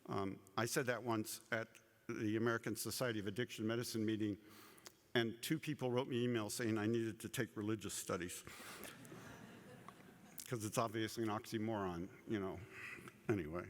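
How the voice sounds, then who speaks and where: A man's voice: on the low side, steady tone, brisk, a little hiss or hum. Man lecturing in a reverberant hall. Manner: conversational, repeats words, asides with "you know" and "okay". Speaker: conference lecturer. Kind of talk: scientific conference talk.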